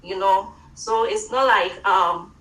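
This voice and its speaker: A woman with an African accent giving an informal online sermon from home, halting, with many fillers and restarts. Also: mid-range voice, a bit bright, reverberant, far from the mic, low-quality recording. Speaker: church teacher.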